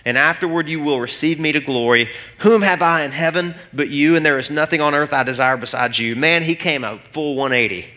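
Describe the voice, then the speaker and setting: Man, thirties, pastor, sermon, animated storytelling, bright forceful voice, fairly high pitch. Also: brisk, hardly any pauses.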